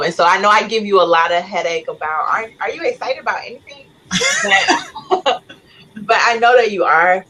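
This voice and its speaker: A woman's voice: deep voice, sharp tone, slight background noise, rough recording. A woman co-host giving a rambling, admiring tribute with many "you know" and "like" fillers. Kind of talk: casual chat, tribute.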